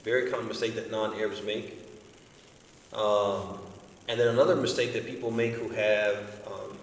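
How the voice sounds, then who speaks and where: A man's voice: fairly low pitch, steady tone, moderate pace, a little hiss or hum. A man teaching an evening study circle lesson, explaining patiently and often checking with his listeners through rhetorical questions. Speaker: religious studies teacher. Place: large community center hall. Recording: echoey hall, voice from far off.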